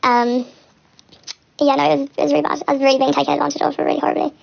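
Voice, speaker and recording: A woman's voice: sits high, fairly even intonation, very fast, creaky, highs cut off. A young woman telling a personal story on a casual livestream, rambling and candid, with nervous laughter.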